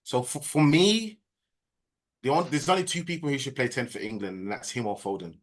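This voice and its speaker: A man's voice: mid-range voice, a little fast. A man with a Birmingham accent, a guest pundit in a laid-back, casual football chat.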